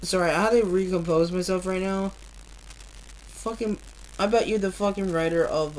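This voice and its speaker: A woman reading a novel aloud on a live stream, earnest and deliberate, with blunt, profane asides between passages. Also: on the low side, a little hiss or hum, poor audio. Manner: slow, earnest reading with frequent swearing in asides.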